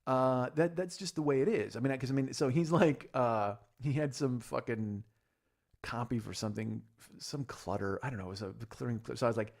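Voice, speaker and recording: A man's voice: medium pitch, fairly quick. A man in his forties hosting a comedy podcast, talking in a rambling, profane, self-deprecating monologue full of restarts. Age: 40s. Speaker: podcast host.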